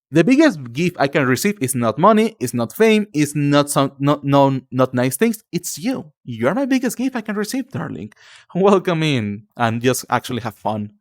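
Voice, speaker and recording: A man's voice: mid-range voice, dry recording. Guy streaming live, calls chat darling n cutie, lots of restarts, dry close sound. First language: Spanish. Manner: frequent restarts and fillers.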